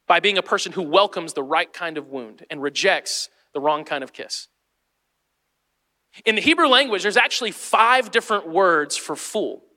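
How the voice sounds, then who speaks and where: A man in his forties preaches with a high, bright, ringing voice. He jokes and calls out to his congregation as he teaches. The sound carries a long reverb from a church hall. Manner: lively, joking, talks straight to the congregation. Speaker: pastor. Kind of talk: sermon.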